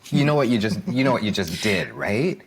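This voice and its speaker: Male podcast guest coach, deep husky voice, emphatic and repetitive. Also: very animated, fairly quick. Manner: emphatic, repeats key phrases, asks "right?" for agreement. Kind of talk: earnest podcast discussion.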